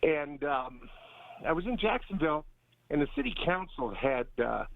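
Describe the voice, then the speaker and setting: A man calling in to a radio show, telling a rambling personal story with halting restarts. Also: a little high, very animated, creaky, no room sound. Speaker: caller. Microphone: telephone. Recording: phone line.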